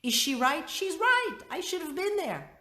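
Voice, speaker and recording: A middle-aged woman leads a workshop, her fairly high voice swinging widely in pitch as she teaches and tells a story. She acts out her own thoughts as she goes, and the sound carries a roomy echo. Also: big pitch swings, moderate pace, sharp tone. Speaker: workshop leader. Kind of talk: teaching talk with personal story.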